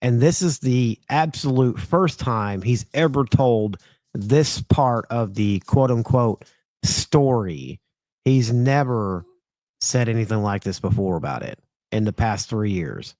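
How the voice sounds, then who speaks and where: A man's voice: mid-range voice, animated, slow pace, darkish tone, dry recording. A man hosting a casual commentary stream, laughing often and mocking people with lots of swearing. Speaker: streamer host.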